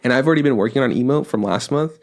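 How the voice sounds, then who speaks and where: A young man co-hosting a podcast talks very fast in a medium-pitched voice. It's casual chat, and he rambles along with plenty of fillers and swearing.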